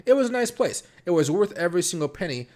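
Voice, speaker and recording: A man hosting a casual late-night crypto live stream from home, talking fast and rambling with lots of fillers and restarts. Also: high voice, big pitch swings, darkish tone. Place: home room.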